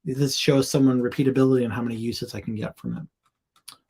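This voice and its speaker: A man's voice: medium pitch, fairly even intonation, fairly quick, a little mellow, husky. A man in a casual live stream, thinking aloud as he reviews sellers' product listings, with lots of ums and likes. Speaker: sales account executive reviewing seller listings.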